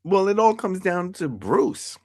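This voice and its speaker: A man's voice: high voice, very animated, unhurried. A man co-hosting a casual TV recap show, talking through the plot and quoting the characters as he goes. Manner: conversational, quotes characters in retelling. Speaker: podcast co-host.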